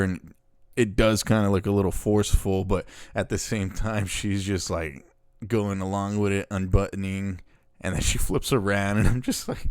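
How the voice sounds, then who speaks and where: A man's voice: lowish voice, clean tone, no echo, studio quality. A man recapping a film in a casual, rambling way, swearing often and sounding exasperated. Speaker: movie reviewer.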